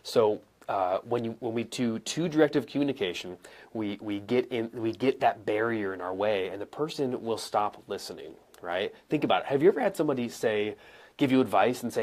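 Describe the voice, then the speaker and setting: A young adult man coaching live viewers in a casual, conversational way, acting out examples with pauses and emphasis. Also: mid-range voice, lively intonation, darkish tone. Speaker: coach and speaker answering viewer questions. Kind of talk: live-streamed teaching. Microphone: camera mic, moves around and sits back down.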